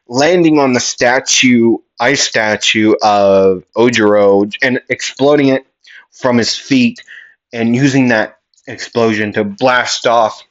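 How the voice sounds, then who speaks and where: Young male narrator, loose improvised storytelling, playful sound effects, dull lo-fi mic, unhurried. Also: mid-range voice. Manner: rambling, playful, self-commenting with sound effects. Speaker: creator voicing a what-if anime story. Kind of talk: casual improvised narration with character voices.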